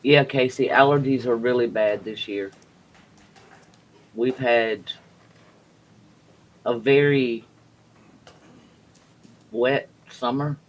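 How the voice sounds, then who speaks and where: Male stream host, casual and unhurried, allergy cough, mid-pitched voice. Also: steady tone, low-quality recording. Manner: chatty, talks to viewers in the live chat. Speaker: livestream commentary host. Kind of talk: casual live-stream chat.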